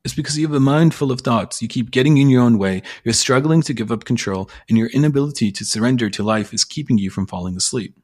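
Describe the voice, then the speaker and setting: Husky, blunt man giving a motivational talk. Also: medium pitch, fast talker, few pauses, darkish tone. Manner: blunt, casual, sprinkled with profanity; emphatic, persuasive. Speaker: self-help creator. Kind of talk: motivational monologue.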